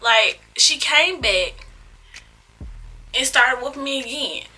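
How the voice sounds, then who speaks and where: A woman's voice: sits high, expressive, takes it slowly, sharp tone, slightly rough, low-quality recording. A young woman vlogger dramatically retelling a personal story in casual slang, acting out sound effects, recorded on a phone camera. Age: young adult. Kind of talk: storytime vlog.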